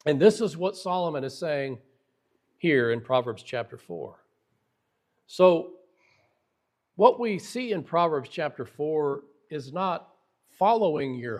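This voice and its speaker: A man teaching a Bible lesson in a fairly high voice. He speaks earnestly and presses hard on key points, often backing up to restart a phrase as he works through his explanation. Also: animated, measured pace, a little mellow.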